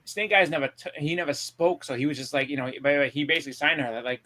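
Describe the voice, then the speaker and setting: A man chatting casually on a podcast, excitedly retelling movie scenes and acting out the characters' lines. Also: medium pitch, fast, few pauses. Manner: animated storyteller who acts out movie scenes. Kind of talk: casual chat.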